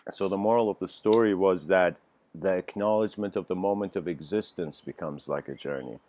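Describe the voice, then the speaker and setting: A man's voice: low voice, moderate pace, long pauses, a little mellow, a little hiss or hum. A man giving a casual livestreamed spiritual lecture, telling a story in a rambling way with many fillers and restarts. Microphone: home livestream mic.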